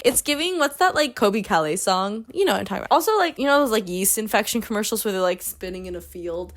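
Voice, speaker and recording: A woman's voice: mid-range voice, animated, brisk, few pauses, a bit bright. A young woman hosting a casual book recap, retelling the story with sarcastic, exasperated asides and lots of "like". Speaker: book review host.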